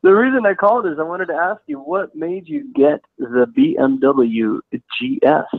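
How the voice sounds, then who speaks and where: A man's voice: a little high, sing-song, moderate pace, creaky, no room sound. A man with a San Diego accent calling into a live show, teasing and laughing. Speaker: caller. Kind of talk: casual phone-in chat. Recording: tinny phone line.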